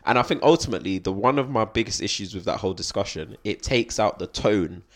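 A man's voice: fairly low pitch, lively intonation, fast talker. A young man talking earnestly in a casual chat, often restarting and checking in with listeners. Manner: earnest, restarts often, keeps asking "do you know what I mean".

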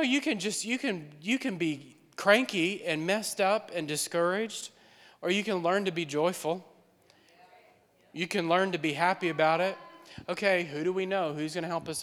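A young adult man, a pastor, preaching an animated sermon with laughter and acted-out dialogue. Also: fairly high pitch. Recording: long hall reverb.

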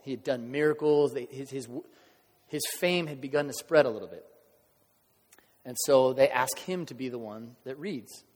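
Pastor preaching in a reverberant hall. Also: male voice, medium pitch, moderate pace. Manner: conversational, acts out crowd reactions, shifts from hushed to loud. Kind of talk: sermon. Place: church sanctuary.

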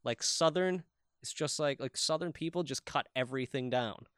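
A man co-hosting a podcast, chatting casually with animated, teasing remarks and casual swearing. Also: mid-range voice, normal speed, clear, resonant tone, no echo, clean studio sound. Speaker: podcast co-host. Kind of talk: casual chat.

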